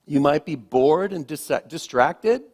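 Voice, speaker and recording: A man who is a minister, giving a sermon in a gentle, reflective way, letting phrases trail off softly. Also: on the high side, lively intonation, slow.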